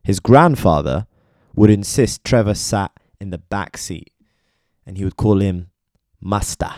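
A man with a very deep, dark voice narrates a biography from a script. He is measured and speaks straight to the listener, and the recording is close and dry. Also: dry recording. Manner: measured, addresses listener directly. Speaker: documentary narrator.

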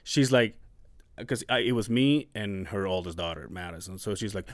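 A man co-hosting a podcast, telling a story casually in halting bursts with restarts and swearing, emotional as he talks. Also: fairly low pitch, no echo. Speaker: podcast co-host.

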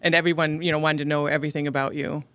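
A woman's voice: sits low, level tone, rapid-fire, a bit bright, no echo. A middle-aged woman from upstate New York, a podcast guest chatting casually, answering in short replies and laughing often. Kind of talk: casual interview conversation.

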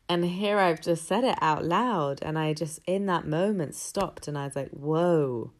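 A woman's voice: on the low side, normal speed. A woman telling a personal story in a candid, rambling, reflective way.

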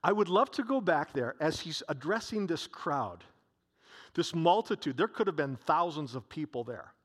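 A man's voice: fairly high pitch, expressive, moderate pace, breathy edge. A man preaching a sermon to a congregation in a church, emphatic and repeating his key phrases.

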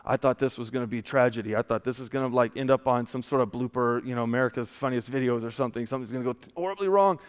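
Smooth-voiced pastor in a reverberant church. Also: male voice, medium pitch, rapid-fire, hardly any pauses. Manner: casual, dropping often to a soft hushed tone. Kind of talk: conversational sermon with stories. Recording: long church hall reverb.

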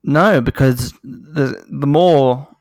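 A man co-host jokes his way through casual chat, with a gravelly, fry-edged voice. The sound is dry and close. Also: medium pitch, very slow, a little mellow, no echo. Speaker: podcast co-host.

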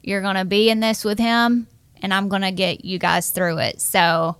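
A woman's voice: medium pitch, normal speed, smooth. A young adult woman earnestly telling a personal story from her marriage, acting out the dialogue. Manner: earnest, animated, acts out quoted dialogue.

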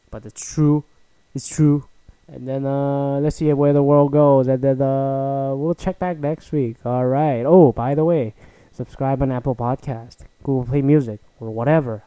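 A man's voice: medium pitch, warm tone, no echo, low-quality recording. A young man hosting his own podcast, talking alone in a profane, rambling, sarcastic way. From immigrated to Canada. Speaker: podcast host. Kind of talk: casual solo podcast rant.

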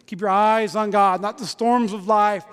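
A man preaching a sermon as a pastor in church, lively, with playful asides to the congregation. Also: high-pitched, normal speed, clean tone, in a large hall. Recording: music playing behind.

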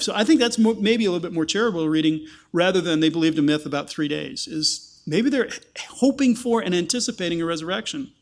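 A man preaching a sermon, explaining a passage and acting out the people in it with lively quoted voices. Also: fairly high pitch, fast talker, few pauses. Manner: animated, acts out quoted voices.

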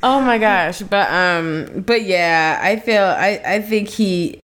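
A woman co-hosting a casual chat podcast, animated and quick to laugh, often mimicking people in a raised voice. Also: mid-range voice. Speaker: podcast co-host.

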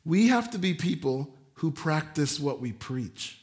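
A man preaching a sermon in a high voice, taking his time over each phrase. He acts out the voices he quotes and swings from loud emphasis to quiet, soft asides. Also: big pitch swings, unhurried. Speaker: pastor.

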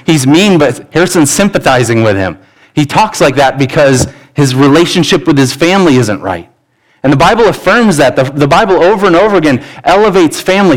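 A man in his thirties delivers a sermon from the pulpit of a church. He talks in an earnest, conversational way, often restarting his sentences as he goes, at a middle pitch. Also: rough recording. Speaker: pastor. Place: church sanctuary.

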